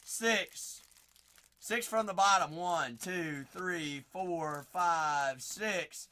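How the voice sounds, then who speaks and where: A man hosting a live card break, excitable and joking, breaking into sudden shouts, tired after a long stream. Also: sits high, drawn-out words. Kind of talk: live-stream commentary while opening packs.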